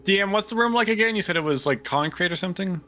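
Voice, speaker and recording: A man's voice: sits high, lively intonation, fast, sharp tone, faint music behind. A man player asking the game master tentative questions. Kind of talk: tabletop role-play.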